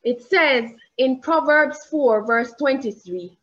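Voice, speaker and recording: A woman preaching a sermon, slow and emphatic, drawing out the scripture quotes. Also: mid-range voice, expressive, fairly bright tone, muffled recording.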